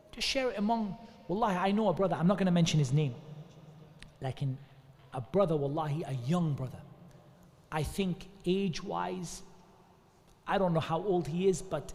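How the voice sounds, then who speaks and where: A man's voice: high-pitched, darkish tone. A man gives an informal religious talk, conversational with many restarts and asides. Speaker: speaker giving a talk at an Islamic centre. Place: mosque hall. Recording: long hall reverb.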